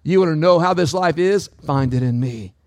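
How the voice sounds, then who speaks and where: A man's voice: fairly high pitch, moderate pace, darkish tone, dry recording. A man preaching a sermon as pastor, calling out to the congregation with a dynamic, swinging delivery. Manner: preaching with call-outs to the congregation.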